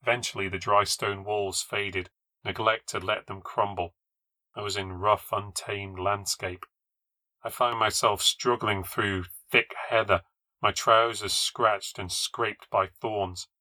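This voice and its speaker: A man reading a first-person ghost story aloud for a podcast, in a measured, low-key storytelling voice that lifts at tense moments. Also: steady tone, bright, forceful tone, dry recording.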